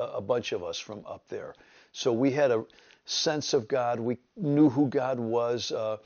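A creaky, medium-pitched voice belongs to a 70-something pastor from upstate New York relating his testimony in storytelling fashion. He animates the retelling by quoting what others said, and the recording lacks high frequencies.

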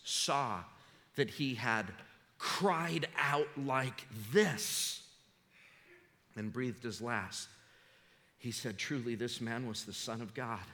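A man's voice: medium pitch, pushed and bright. A man preaching a sermon as a pastor, fervent and emphatic. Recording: long hall reverb.

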